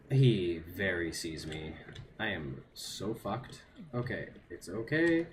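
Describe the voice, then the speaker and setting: A man with a low voice streams a video game, speaking slowly yet very animatedly to himself and his chat. He's nervous, repeating phrases under pressure, with noise in the background.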